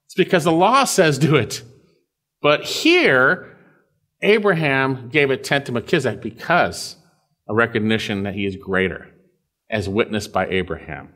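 Lively man preaching a Bible sermon. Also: mid-range voice, unhurried. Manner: conversational, repeats phrases, checks in with "okay?" and "right?". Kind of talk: verse-by-verse Bible teaching sermon.

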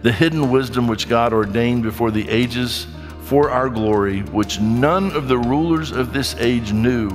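A man preaching a sermon, reading scripture and acting out skeptics in quick, animated asides. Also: mid-range voice, in a large hall, soft background music. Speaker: pastor.

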